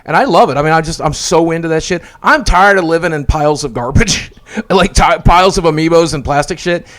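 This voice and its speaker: A man's voice: a little high, fairly quick, a bit bright. A man talking in casual podcast chat, earnest and rambling, often stopping short and restarting. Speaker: podcast guest.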